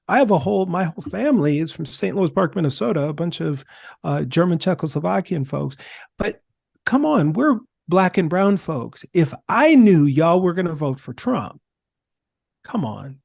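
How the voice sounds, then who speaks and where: Guy on a podcast, kinda gravelly, gets really animated making his point. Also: fairly high pitch, moderate pace, no echo, clean studio sound. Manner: emphatic, animated storytelling. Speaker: podcast guest. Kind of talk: conversational discussion.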